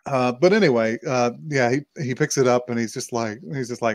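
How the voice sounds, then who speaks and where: A man with a medium-pitched voice talks fairly quickly, with no echo. Co-hosting a podcast, he casually recaps an anime episode in loose, profane fashion, acting out the characters' lines mid-story.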